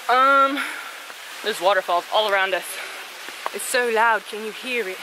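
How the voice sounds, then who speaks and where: A woman's voice: medium pitch, slow pace, pauses often, background noise. A young woman vlogging a hike on a mountain trail outdoors, bubbly and playful, a little out of breath, talking into a handheld camera. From United States. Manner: bubbly, playful, laughs often. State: out of breath from hiking. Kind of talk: casual vlog narration.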